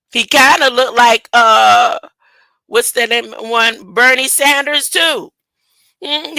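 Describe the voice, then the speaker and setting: Her voice a little high, bright, and forceful, this woman slowly drags through casual online commentary and a news story she reads aloud. She fumbles words and chuckles at herself. The dry recording is low in quality.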